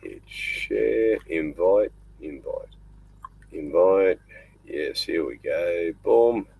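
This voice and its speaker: A man's voice: low-pitched, animated, extremely slow, vocal fry, a little mellow, breathy edge, no room sound, rough recording. An older Australian man hosting a casual live stream from inside his small boat at night, rambling and chatting in between fussing over his dog. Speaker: livestream host.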